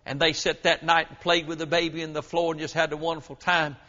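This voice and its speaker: Preacher in a big hall. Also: male voice, fairly high pitch, little pitch movement, fast. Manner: folksy storytelling, swinging from loud to hushed. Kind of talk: sermon. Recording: muffled, reverberant hall.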